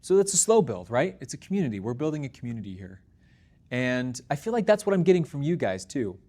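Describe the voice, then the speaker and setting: A man's voice: medium pitch, sing-song, fast talker, mellow. A young adult man hosting his own show, talking to the camera in an earnest, upbeat and encouraging way. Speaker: podcast host. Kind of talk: casual solo talk to camera.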